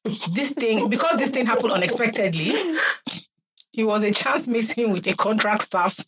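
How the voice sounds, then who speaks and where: A woman co-hosting a casual podcast chat, animated and laughing, sometimes mimicking baby talk. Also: on the high side, moderate pace, husky. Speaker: podcast co-host.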